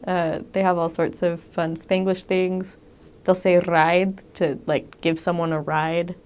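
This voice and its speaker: A young woman casually telling stories about her time as a missionary, with a conversational, animated manner and frequent ums. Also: fairly low pitch, measured pace, clean tone. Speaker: returned missionary. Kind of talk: casual storytelling monologue.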